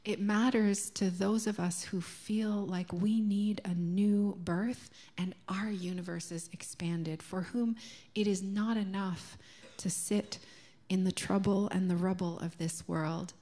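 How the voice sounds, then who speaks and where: Slow, soft-spoken Canadian woman preaching. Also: mid-range voice, fairly even intonation. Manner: slow, gentle and reflective, dropping to a soft near-whisper on key words. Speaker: minister. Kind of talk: sermon. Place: church sanctuary.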